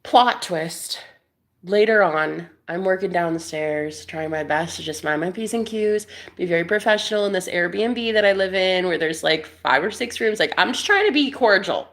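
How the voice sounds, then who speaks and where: A woman's voice: fairly low pitch, normal speed, a bit bright. A young woman talks straight to her camera in a loose, chatty way and tells a story. She acts out the people in it, breaks into laughter and sometimes drops to a whisper. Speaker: vlogger. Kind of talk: casual storytelling chat. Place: Airbnb room indoors.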